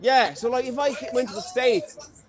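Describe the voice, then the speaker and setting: A man's voice: very high-pitched, moderate pace, crowd noise. A young Irish man hosting an online comedy show over a video call, rambling and cheeky in a self-deprecating stand-up set. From Ireland. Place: home, streamed online.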